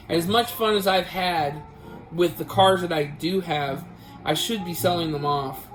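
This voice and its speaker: Male vlog host, casual storyteller, rambling, slightly higher voice, guitar music behind. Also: poor audio. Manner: rambling, with many restarts.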